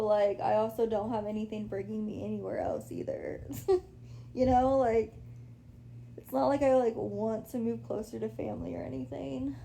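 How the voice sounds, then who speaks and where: Chatty young woman with gravelly fry. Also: fairly high pitch, mellow, a little hiss or hum. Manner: chatty, laid-back, says "like" and "y'all" a lot. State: pregnant, a little out of breath. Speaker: livestreamer. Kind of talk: casual livestream chat. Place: her apartment, lying down.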